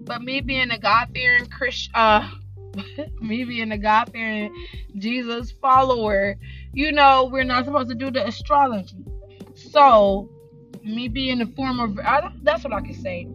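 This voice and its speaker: A woman from South Central hosting a podcast, telling a work story in animated, slangy, unfiltered casual chat and acting out her coworkers' lines. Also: a little high, unhurried, muffled recording, faint music behind. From South Central Los Angeles. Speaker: podcast host.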